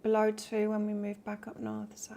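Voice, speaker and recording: A woman's voice: mid-range voice, completely flat delivery, normal speed, vocal fry, warm tone, a little hiss or hum. A woman from England doing a live tarot reading, chatting casually and reading out cards while answering viewer comments. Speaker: tarot reader.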